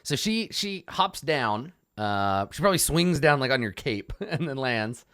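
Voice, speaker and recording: A game master narrating a tabletop game in a relaxed, halting way with many fillers. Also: mid-range voice, clean tone, no room sound, clean studio sound.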